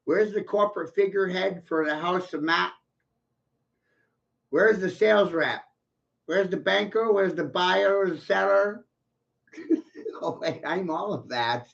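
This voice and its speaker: A man in a rambling, profane, boastful monologue, ranting with bursts of loud laughter, on a dull lo-fi recording. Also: sits high, a little slow, vocal fry, long pauses. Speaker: vlogger.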